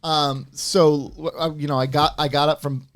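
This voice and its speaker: A man's voice: a little high, normal speed, dry recording. A man co-hosting a podcast, telling stories in casual chat and acting out his own reactions. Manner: animated storyteller, acts out reactions. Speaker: podcast co-host.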